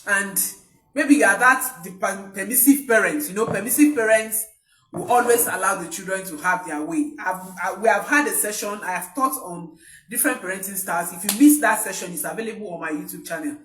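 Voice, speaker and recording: A woman's voice: medium pitch, brisk, a bit bright. Woman, parenting coach, emphatic, repetitive, live-streamed talk, echoey room, distant mic. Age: adult parent. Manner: emphatic, repeats key points.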